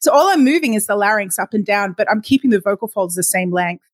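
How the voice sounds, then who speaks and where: A woman voice coach explaining in an interview, calm and explanatory, sometimes demonstrating sounds. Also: medium pitch, quick pace, no echo.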